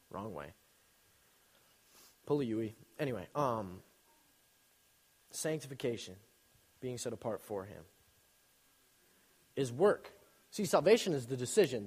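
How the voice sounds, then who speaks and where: A young man giving a casual, joking sermon, telling stories with sudden loud bursts and quick asides. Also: mid-range voice, husky. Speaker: youth speaker. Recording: long reverb in a hall.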